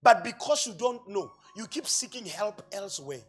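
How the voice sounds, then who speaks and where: High-voiced husky preacher, shouting then hushed. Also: male voice, animated, normal speed, soft background music. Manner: storytelling preacher, swings from loud shouting to quiet asides. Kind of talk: sermon.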